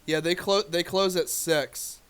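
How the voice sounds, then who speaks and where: A man's voice: high voice, fairly even intonation, a little slow, a bit bright, clean tone. A man telling a rambling, profane story in casual chat as a live streamer.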